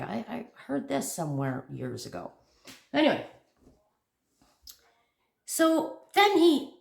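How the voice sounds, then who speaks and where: A woman hosting a crochet channel, telling a story to camera in a casual, animated and jumpy way, laughing at herself. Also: fairly high pitch, creaky. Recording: echoey room.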